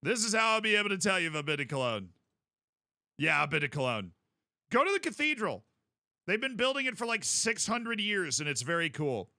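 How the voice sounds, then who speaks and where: A man streaming a game, chatting casually in a rambling, jokey way with sudden loud outbursts. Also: high voice, sing-song, brisk, no room sound, studio quality.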